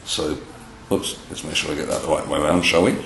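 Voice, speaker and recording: Indoors, a storyteller demonstrates felt boards, showing felt figures while telling a children's story in a chatty, animated way aimed at kids. His very deep voice is brisk and gravelly, and the recording has roomy echo and faint hiss.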